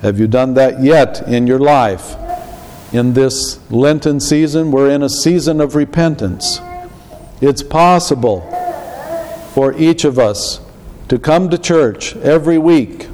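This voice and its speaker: A man preaching a sermon as pastor, in a slow, measured way. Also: mid-range voice, darkish tone, a little hiss or hum. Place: church. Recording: long reverb of a church hall.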